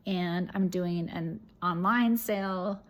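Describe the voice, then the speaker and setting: A woman's voice: fairly low pitch, slow. A woman chatting casually in a vlog update, rambling with fillers and restarts, her throat a bit irritated. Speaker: reseller vlogger.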